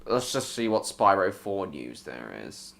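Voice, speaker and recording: A man's voice: low voice, very animated, unhurried, vocal fry, fairly bright tone. A man hosting a casual live stream, rambling with jokey, self-mocking asides.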